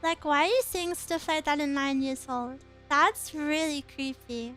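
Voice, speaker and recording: A woman with a very high, light voice chats casually on a stream, giggling often as she tells playful, teasing stories. Soft music plays faintly behind her. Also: steady tone, measured pace. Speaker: VTuber streamer. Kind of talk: casual chat.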